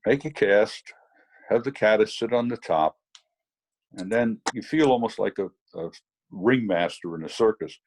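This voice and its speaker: A man's voice: lowish voice, unhurried, a little mellow, low-quality recording. A man teaching fly fishing over a video call, telling a rambling story full of fillers. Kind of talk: anecdotal teaching demo.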